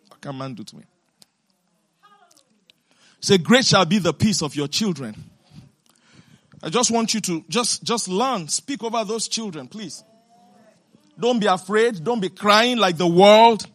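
A woman preacher delivering an emphatic sermon, asking the congregation question after question and breaking into shouts and laughter. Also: medium pitch, lively intonation. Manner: asks the congregation rapid rhetorical questions.

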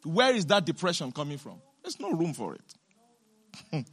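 A woman preacher delivering an emphatic sermon, asking the congregation question after question and breaking into shouts and laughter. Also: low-pitched, very animated, husky. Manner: asks the congregation rapid rhetorical questions.

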